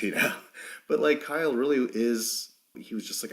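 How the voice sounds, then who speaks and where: A man's voice: lowish voice, lively intonation, brisk. A man hosting a casual solo recap podcast without a proper mic, rambling, swearing often and correcting himself as he goes. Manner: rambling, profane, self-correcting. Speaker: podcast host.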